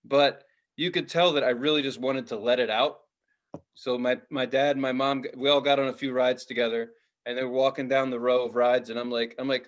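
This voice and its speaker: A man in his forties co-hosts a casual podcast, telling stories in a mid-range voice at a fairly quick pace. He's an animated storyteller who swears freely and laughs often, and the sound is lo-fi.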